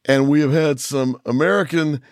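A man's voice: fairly high pitch, normal speed, dry recording, clean studio sound. A man hosting a podcast, running a guessing game with wry, joking game-show patter. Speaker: podcast host. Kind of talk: casual podcast chat.

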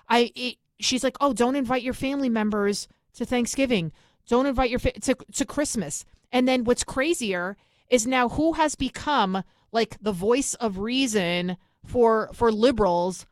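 A woman's voice: fairly high pitch, no echo, clean studio sound. A middle-aged woman with a New York accent, delivering a fiery, sarcastic political monologue as host. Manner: fiery, sarcastic, rapid-fire.

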